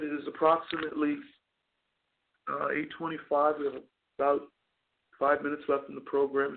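A man's voice: mid-range voice, creaky. Impassioned preaching man on a phone line. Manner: impassioned preaching, stammering repeats, acted prayers to the Lord. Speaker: radio talk show host and chaplain. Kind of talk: radio sermon.

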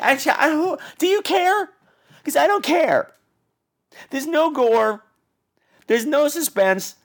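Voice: high-pitched, a bit bright. A podcast host giving a casual movie review in a sarcastic, exasperated rant.

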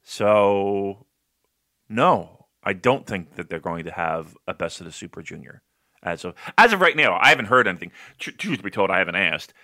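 A man chatting loosely on a podcast, with a bright, forward voice. His pitch jumps around a lot as he jokes. He swears casually and breaks into laughter often. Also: lively intonation, normal speed. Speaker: podcast host. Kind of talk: casual chat.

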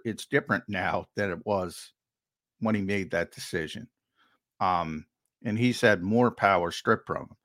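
A man's voice: lowish voice, pushed and bright. A man co-hosting a sports talk show, talking emphatically and repeating words for stress. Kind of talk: heated sports talk commentary.

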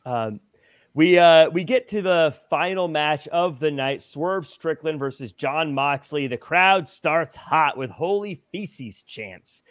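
A man's voice: fairly high pitch, takes it slowly, clean tone, no room sound. A man hosting a wrestling podcast, recapping matches and putting questions to his co-hosts in casual chat. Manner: leads discussion, recaps matches, asks questions. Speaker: podcast host.

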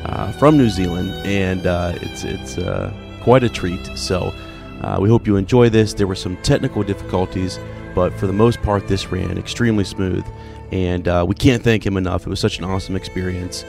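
Low, gravelly man introducing a podcast. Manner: relaxed, halting, many fillers. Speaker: podcast co-host introducing the episode. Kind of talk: casual spoken intro. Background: music.

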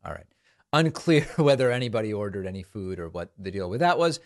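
A man's voice: fairly low pitch, big pitch swings, fairly quick. A man hosting a political talk show, giving mocking commentary over news clips. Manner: sarcastic, mocking.

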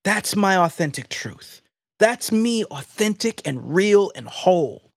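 A man hosting a faith podcast, preaching in an emphatic, animated, conversational way. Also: sits high, takes it slowly, no echo. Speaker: podcast host.

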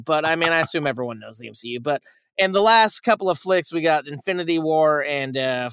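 A man's voice: on the high side, fairly bright tone, clean tone, dry recording, clean studio sound. A man co-hosting a podcast, reviewing shows in loose, profane casual chat. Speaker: podcast co-host.

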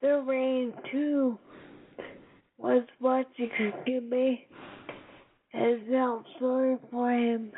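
A woman host reading a children's story aloud in a slow, deliberate way. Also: high-pitched, flat delivery. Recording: tinny phone-like sound, faint hiss.

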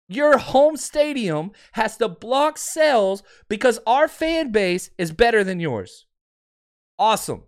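Male podcast host in his thirties, high and lively voice, sarcastic fired-up fan rant. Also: unhurried, clear, resonant tone. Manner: heated, sarcastic ranting with mocking quotes; calms to a quieter, lower promo pitch.

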